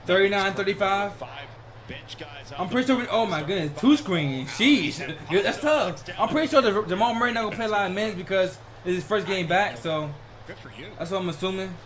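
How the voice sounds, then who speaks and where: A man with a notably high voice chats casually over game highlights. He's excitable and slangy, tossing in "bro" at every turn. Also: fairly quick. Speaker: reaction video host. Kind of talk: casual reaction commentary.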